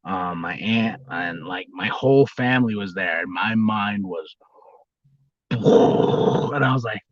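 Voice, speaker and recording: A man in his thirties hosting a casual livestream as a former wrestler, telling a story with rambling restarts and bursts of high, squealing impressions. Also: animated, normal speed, pauses often, a bit bright, no room sound, highs cut off.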